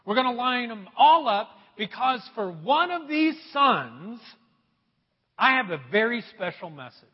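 An earnest, somewhat puzzled prophet voiced by a male preacher mid-sermon. The voice is high and a little husky. A long hall echo lingers behind it. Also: big pitch swings, measured pace, heavily acted. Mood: quoted. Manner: conversational quoting within a sermon. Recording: dull sound, long hall reverb.

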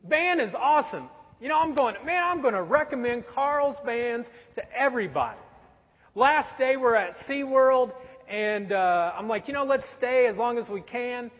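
A man in his forties, a pastor telling a story in a sermon with a conversational, wry humor. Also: very high voice. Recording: dull sound with long hall reverb.

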